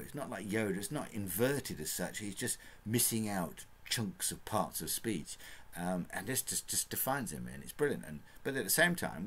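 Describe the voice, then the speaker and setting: A man talks through a book review off the cuff, wandering between points with plenty of fillers and little chuckles. His voice sits very low, and a faint hiss runs under the recording. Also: fairly bright tone. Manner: rambling, chatty, with frequent fillers and chuckles.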